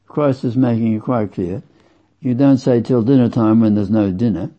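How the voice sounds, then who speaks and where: A man preaching a sermon slowly and with emphasis, repeating phrases for weight. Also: medium pitch. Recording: dull lo-fi sound.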